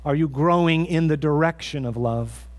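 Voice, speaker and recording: A man's voice: fairly high pitch, normal speed. A man preaching a sermon as pastor in a church, earnest and conversational, often restarting his phrases.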